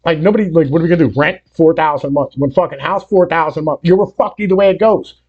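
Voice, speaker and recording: A man's voice: a little high, quick pace, husky, lo-fi sound. A man hosting a music reaction video, talking in a profane, rambling rant full of fillers. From Appalachia. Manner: profane, rambling, full of fillers like "you know what I mean"; grows heated and louder as he rants.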